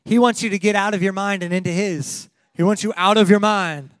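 A man with a notably high voice delivers a lively sermon, laughing often and acting out the people in his story. The sound is close and dry, with no room around it. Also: brisk, no room sound. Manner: animated, laughing, acting out quotes. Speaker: pastor.

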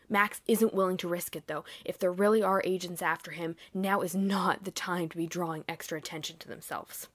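A woman's voice: fairly low pitch, fairly even intonation, fairly bright tone. A woman hosting a podcast, recapping a TV episode in a chatty way and acting out bits of dialogue. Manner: chatty, acts out dialogue in quick bursts. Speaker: podcast host.

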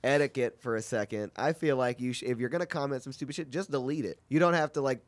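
A man's voice: medium pitch, quick pace, no echo. A man who is sick, telling a rambling, profane story in casual chat. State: sick, voice cracking.

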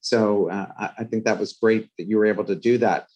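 A man from the Philadelphia area hosting an interview, relaxed and joking with his guest. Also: lowish voice, fairly quick, muffled recording. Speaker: podcast host. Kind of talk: interview conversation.

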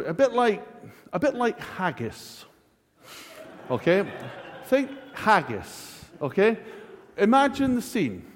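High, lively joking preacher. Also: male voice. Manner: jokey, animated, self-laughing asides. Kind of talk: humorous sermon. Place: church. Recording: long church hall reverb.

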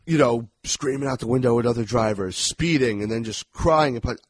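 A man co-hosting a movie review podcast, talking casually and animatedly, swearing and acting out lines in loud put-on voices. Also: medium pitch, a little fast, breathy edge, dry recording. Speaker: podcast co-host.

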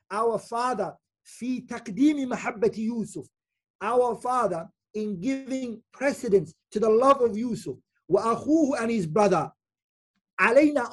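A man with a husky, slightly rough voice gives a Quran commentary lecture as an Islamic teacher. He explains patiently and repeats his key points. He often pauses to ask "okay?" to keep his listeners with him. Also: high-pitched. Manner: repeats key phrases for emphasis.

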